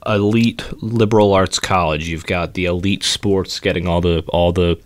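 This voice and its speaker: A man's voice: low voice, steady tone, moderate pace. A young man hosting a college radio show, chatting casually and joking sarcastically with his co-host. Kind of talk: casual chat.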